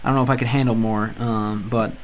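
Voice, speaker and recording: A man's voice: fairly low pitch, steady tone, fast. Rambling, hesitant male streamer. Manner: rambling and hesitant, many ums and restarts; translates aloud and answers chat. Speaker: livestreamer learning Spanish through a game. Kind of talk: casual live-stream chat.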